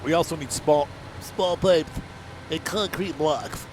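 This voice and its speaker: A man's voice: a little high, slow pace. A man with a stuffed-up nose from allergies, casually commenting on his gameplay in a rambling, joking, self-deprecating way. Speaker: gaming channel host. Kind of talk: casual let's-play commentary. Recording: game engine and vehicle noise behind.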